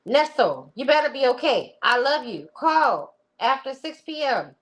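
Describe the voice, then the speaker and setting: A woman voicing a lovesick woman gushing over her man, in an overdramatic, swooning, drawn-out way. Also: high voice, very animated, a bit bright, voice pushed up, full character voice.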